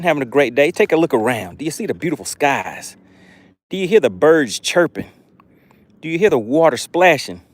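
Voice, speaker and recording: A man hosting a fishing live stream from a boat outdoors, chatting and thanking his viewers. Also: a little high.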